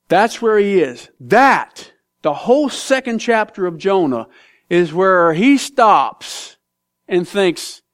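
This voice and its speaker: A man preaching a sermon as pastor, animated and joking, with big dramatic swings in pitch and loudness. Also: slow. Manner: reads scripture aloud.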